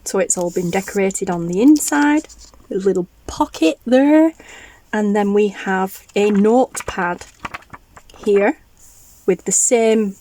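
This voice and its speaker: A woman's voice: mid-range voice, takes it slowly, mellow, low-quality recording. A woman, chatting enthusiastically as she shows off a craft haul. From northern England. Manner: gushing, enthusiastic, chatty with restarts. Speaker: craft vlogger. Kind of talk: casual show-and-tell haul.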